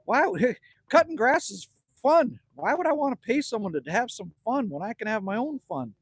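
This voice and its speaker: A man's voice: very high-pitched, big pitch swings, normal speed, husky, dry recording. A middle-aged Canadian man hosting a casual outdoor livestream, joking and greeting viewers by name as he reads their comments. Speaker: livestream host. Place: outdoors at a cabin.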